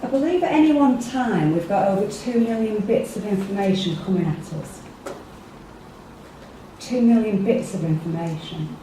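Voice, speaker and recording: With lively intonation and a mid-range voice at a moderate pace, an English-accented woman delivers an interactive workshop talk, often questioning the small group in front of her. The meeting room is echoey, the mic is far off, and there's background noise.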